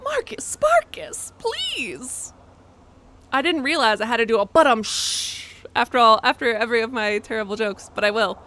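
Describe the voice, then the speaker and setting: A woman's voice: fairly high pitch, sharp tone, a little hiss or hum. A young woman streamer chatting casually as she plays a horror game, rambling and poking fun at herself. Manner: rambling, self-mocking, quick asides. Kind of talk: casual live-stream chat while playing.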